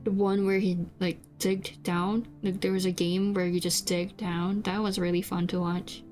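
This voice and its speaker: A young South Korean VTuber, a native Korean speaker, chats casually at a moderate pace in a mid-range, slightly mellow voice with a level tone. Her stream talk rambles and hesitates, with frequent fillers and restarts, and faint background music plays.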